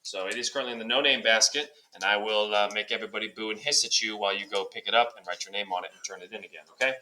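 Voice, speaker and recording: A male teacher giving brisk step-by-step classroom instructions, lightly joking. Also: on the low side, bright, forceful tone, rough recording. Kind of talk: classroom instructions recorded for a substitute.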